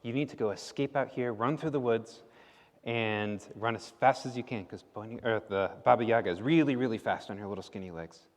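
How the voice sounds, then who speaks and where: A man's voice: lowish voice, a little fast, lightly acted. A man voicing a helpful talking cat, in an echoey hall. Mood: urging. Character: helpful talking cat who plans the escape.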